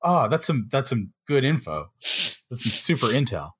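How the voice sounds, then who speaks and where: A man's voice: medium pitch, very animated, moderate pace, fairly bright tone, breathy edge. Man making dry, sarcastic asides. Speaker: podcast co-host. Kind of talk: casual chat.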